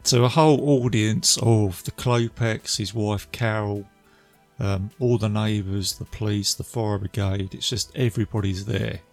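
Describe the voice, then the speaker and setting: A man's voice: fairly low pitch, fairly even intonation, measured pace, faint music behind. A man casually retelling a film's scenes, chatty and laughing as he goes. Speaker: film reviewer. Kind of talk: casual film recap.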